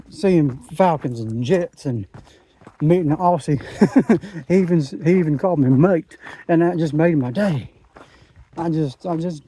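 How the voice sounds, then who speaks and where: A man's voice: fairly high pitch, warm tone, a little hiss or hum. Chatty man on a trail. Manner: rambling, chatty, enthusiastic. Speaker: hiking vlogger. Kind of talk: casual trail vlog. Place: outdoors on a mountain trail. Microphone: phone camera.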